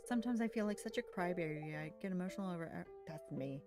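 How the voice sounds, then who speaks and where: A woman's voice: fairly low pitch, animated, fast, music in the background, natural voice. A woman reading a weepy game girl. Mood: self-pitying. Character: weepy young woman upset over ruined makeup.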